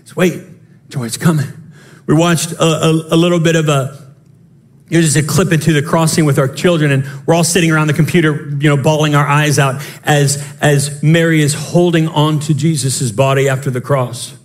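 Man, pastor, sermon, high voice, impassioned, quick asides, shouts. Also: fairly even intonation. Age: young adult to middle-aged, father of children.

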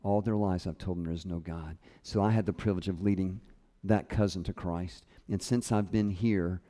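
In a deep voice at normal speed, a preacher shares a personal story from the pulpit, animating each quoted person with vivid voices. The sound carries a long hall reverb.

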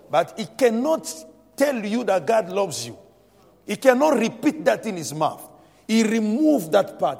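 A man's voice: sits high, big pitch swings, moderate pace, gravelly, a little mellow. A man preaching a Sunday morning sermon, emphatic and repetitive, punctuating points with "Amen" and leading the congregation in reading together. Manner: emphatic preaching with repeated "Amen" and call-and-response. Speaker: pastor. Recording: long hall reverb.

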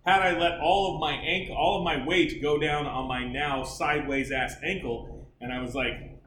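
A man with a bright, forceful, fairly high voice jokes about himself with dry sarcasm and loose swearing. His voice bounces around an echoey room over a faint background hum. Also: steady tone, normal speed. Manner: self-mocking, sarcastic, swears. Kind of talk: casual comedic chat.

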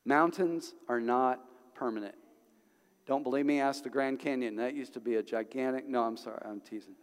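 A man's voice: mid-range voice, fairly even intonation, fast talker, darkish tone. A middle-aged man preaching a sermon as pastor, telling stories conversationally and building to emphatic bursts. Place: church sanctuary. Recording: long church hall reverb.

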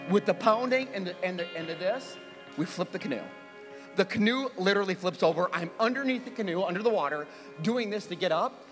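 High-voiced man preaching in a reverberant hall. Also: fast talker, soft background music. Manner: animated, self-mocking, acts out his younger self in high squeals. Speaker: pastor. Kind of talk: sermon with personal storytelling. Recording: long reverb of a large hall.

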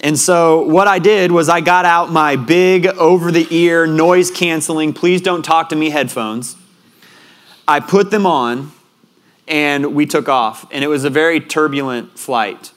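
A man preaches a sermon, earnestly telling a personal story and growing quiet and soft at tender moments. His voice is a little high and unhurried.

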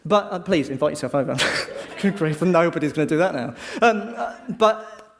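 A middle-aged man preaching a sermon, telling the story lively and acting out the voices of a crowd. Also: on the high side, moderate pace, in a large hall.

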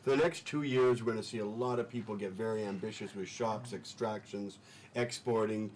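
A man's voice: lowish voice, fairly even intonation, a little fast, a little mellow, a little hiss or hum, poor audio. A man talking as a studio guest in casual talk-show chat, enthusiastic and rambling, repeating words as he restarts his sentences.

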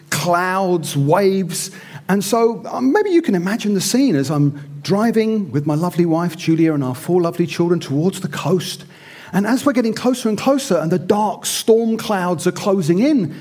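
A man's voice: sits high, darkish tone. A middle-aged man telling a self-mocking story in a theatrical, sermon-like style. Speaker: speaker.

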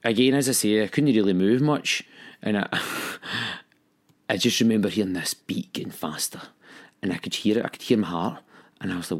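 A man's voice: on the low side, brisk, vocal fry. A young man telling his own story candidly and with emotion. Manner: candid, emotional, acts out quoted voices. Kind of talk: personal storytelling.

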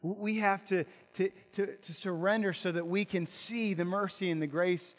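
A man's voice: high-pitched, fairly even intonation, moderate pace, long reverb tail. A male pastor preaching an impassioned sermon, asking rhetorical questions and repeating words as he builds.

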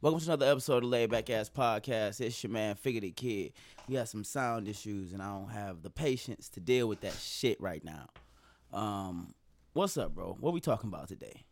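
A man's voice: fairly low pitch, normal speed. A man hosting a casual podcast, laid-back and swearing freely as he tells stories. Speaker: podcast host.

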